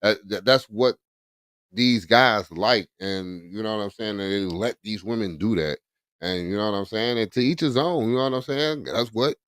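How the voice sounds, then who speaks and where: A man's voice: on the low side, moderate pace, a bit bright, clear, resonant tone, no echo, studio quality. A man chatting casually as a podcast co-host, laid-back and repeating "you know what I'm saying". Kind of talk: casual chat.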